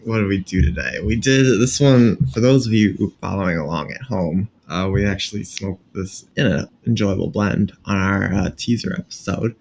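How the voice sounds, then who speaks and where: A man's voice: deep voice, normal speed, vocal fry, few pauses, a little mellow, a little hiss or hum. A man co-hosting a casual podcast, chatting in a rambling, jokey way full of fillers and restarts. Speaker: podcast co-host.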